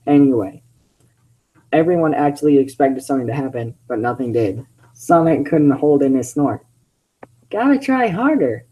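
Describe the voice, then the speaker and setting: Man, fan fiction reading, chatty commentary, self-interrupting, mellow voice. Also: mid-range voice, normal speed, poor audio.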